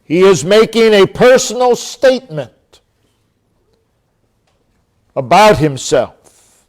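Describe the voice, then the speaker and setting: A man preaching a sermon as pastor, emphatic, with long dramatic pauses, dropping to a low quiet voice when quoting God. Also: big pitch swings.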